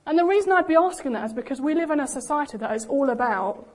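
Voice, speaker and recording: A young woman preaching a sermon in a lively, animated way, acting out the voices she quotes. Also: sits high, fast. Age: young adult.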